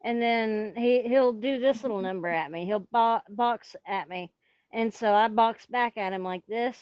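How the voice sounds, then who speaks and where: A woman's voice: on the high side, measured pace, clear, resonant tone, no echo, muffled recording. A woman guest chatting casually on a stream over a headset, rambling and giggling, breaking off to talk to her cat. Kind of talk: casual chat.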